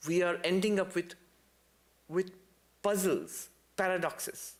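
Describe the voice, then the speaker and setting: A man takes his time lecturing a temple gathering on spiritual themes. He narrates stories in an animated way, adding playful asides and sudden, emphatic high points.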